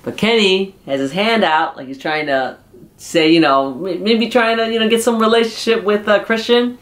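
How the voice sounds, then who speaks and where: A chatty YouTuber retells a wrestling episode in a loose, unscripted way, full of fillers and restarts. The voice sits in a middle pitch, and the delivery stays casual throughout. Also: moderate pace, fairly bright tone. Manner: chatty, many fillers and restarts, often laughing. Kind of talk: casual spoken recap.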